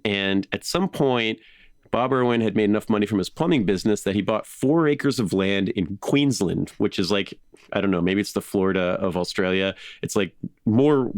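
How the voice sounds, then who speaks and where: A man hosting a podcast, telling a story in casual chat, animated with frequent laughs and fillers. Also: on the low side, no echo, clean studio sound. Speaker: podcast host.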